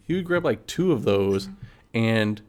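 A man's voice: on the low side, expressive, a little slow, darkish tone. Young man laughing through a story. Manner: laughs often, acts out friends' voices. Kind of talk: casual storytelling chat.

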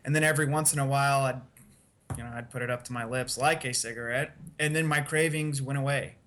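Halting man with faint hiss behind. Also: mid-range voice, steady tone, a bit bright. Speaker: podcast co-host. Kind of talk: casual chat.

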